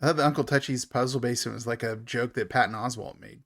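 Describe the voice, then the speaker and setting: A man's voice: mid-range voice, quick pace, gravelly, a bit bright. A man co-hosting a podcast, chatting casually about a horror movie and laughing often. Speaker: podcast co-host. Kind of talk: casual movie review chat.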